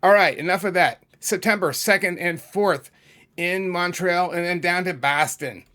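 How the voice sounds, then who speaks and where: A man's voice: sits high, moderate pace, sharp tone. A middle-aged man from New England hosting his channel, chatting casually and rambling into asides and self-corrections while talking over a map. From New England, USA. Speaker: YouTube music channel host.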